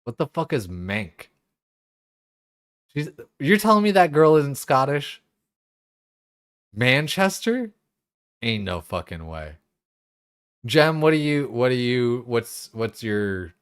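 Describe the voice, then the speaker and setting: Young male streamer, lowish voice, dry close sound, loose profane banter. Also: dry recording. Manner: loose, profane, chatty, laughs often. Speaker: game streamer. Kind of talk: casual live-stream chat.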